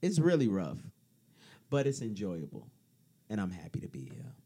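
A man, a content creator guest on a podcast, joking around and speaking softly like a late-night radio host. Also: lowish voice, wildly swooping pitch, moderate pace, breathy edge. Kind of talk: casual chat.

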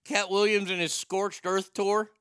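A man's voice: high voice, level tone, measured pace, a bit bright, clean tone, dry recording, clean studio sound. A man hosting a talk show, riffing in casual, irreverent, joking banter.

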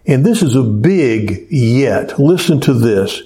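Male preacher, unhurried sermon delivery, warm low timbre, deliberate pauses. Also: sing-song. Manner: slow, deliberate storytelling with pauses.

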